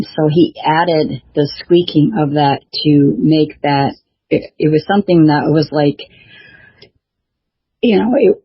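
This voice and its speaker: A woman's voice: sits low, creaky, husky, dry recording. A woman author and show host chatting casually, talking hesitantly with many fillers and restarts. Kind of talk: casual chat. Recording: dull lo-fi dry recording.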